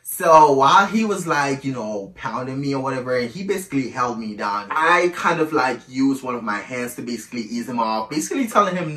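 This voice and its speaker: A man's voice: medium pitch, lively intonation, brisk, hardly any pauses, pushed and bright, distant mic. A man telling a candid personal story in a casual, chatty way, often calling the listener "girl", recorded in an echoey room a little away from the mic.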